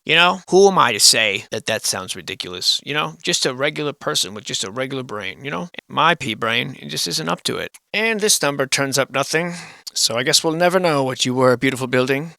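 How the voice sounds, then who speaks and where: A man's voice: medium pitch, lively intonation, a little fast, vocal fry, sharp tone, no room sound, clean studio sound. A man hosting a video, giving casual, sarcastic and profane commentary on archive photos while wandering off into musings. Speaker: video host.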